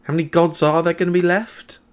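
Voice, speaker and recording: A man voicing a weary, mercenary woman assassin in a tabletop game, talking in a deadpan, halting way. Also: fairly high pitch, pitched above the performer's own voice, natural voice. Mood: musing.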